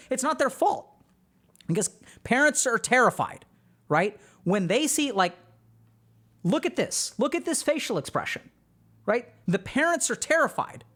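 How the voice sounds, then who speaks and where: This is a psychiatrist talking through a TV show for an online audience. The delivery is explanatory, and the speaker keeps turning to the viewers to check that they follow. The voice sits at a middle pitch. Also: very animated, moderate pace, a bit bright. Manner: explanatory, addresses viewers directly. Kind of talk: reaction commentary on a TV show.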